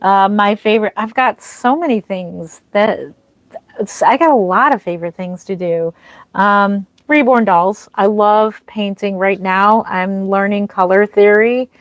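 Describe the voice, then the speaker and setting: A woman's voice: medium pitch, unhurried, no room sound. A woman streaming live as a reborn doll artist, chatting casually, greeting viewers and answering their comments with frequent ums and restarts.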